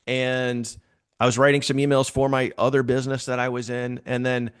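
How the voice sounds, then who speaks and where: A man telling a casual story to his team, animated and repeating phrases for emphasis. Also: mid-range voice, normal speed, clean tone, dry recording, studio quality.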